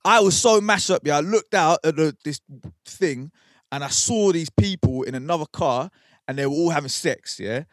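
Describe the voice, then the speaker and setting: A man's voice: fairly high pitch, normal speed, no echo. A young man, co-hosting a podcast and telling a rambling, slang-heavy story. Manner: animated, swearing, slangy storytelling. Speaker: podcast co-host. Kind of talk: casual storytelling. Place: podcast studio.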